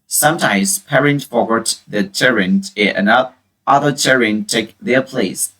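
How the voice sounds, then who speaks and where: A man's voice: mid-range voice, unhurried, a bit bright, far from the mic, natural voice, poor audio. A man voicing a stubborn, determined boy who refuses to grow up, in a storybook reading. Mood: earnest. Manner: earnest, determined.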